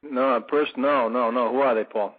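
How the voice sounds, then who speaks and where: A man's voice: medium pitch, steady tone, moderate pace. A man who is a regular on a radio talk show, blunt and wisecracking in the banter. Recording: tinny phone-like audio.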